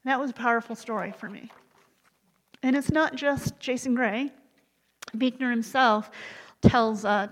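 Woman, fairly high voice, conversational storytelling, wry asides, devotional book study. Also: a bit bright, long reverb tail, rough recording. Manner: retells stories with wry asides.

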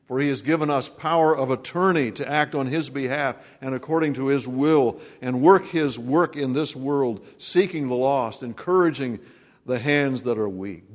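A man preaching a sermon as pastor, swinging between loud proclamation and hushed, quiet lines. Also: mid-range voice. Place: church sanctuary. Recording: long reverb of a church hall.

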